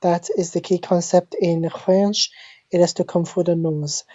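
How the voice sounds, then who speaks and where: A woman giving a deadpan parody language lesson, speaking slowly and deliberately and repeating each word like a teacher. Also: on the low side, no room sound. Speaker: mock French teacher. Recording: dull lo-fi phone screen recording.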